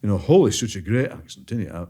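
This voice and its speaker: Yorkshire man telling lively stories. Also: fairly low pitch, fast, husky. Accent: Barnsley Yorkshire. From Barnsley, England. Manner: lively, storytelling, drops into quoted voices. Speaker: podcast guest, poet. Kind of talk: casual conversation.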